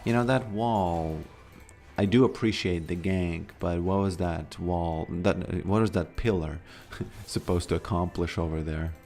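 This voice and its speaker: Soft music sits under a low-pitched, slightly mellow male voice speaking at a measured pace. He's a Latvian streamer with a Latvian accent, chatting and rambling through a game with many fillers.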